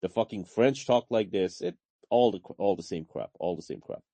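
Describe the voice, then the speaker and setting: A man's voice: deep voice, moderate pace, creaky, mellow, dry recording. A man hosting a casual political chat, ranting heatedly with plenty of swearing and "bro". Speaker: podcast host.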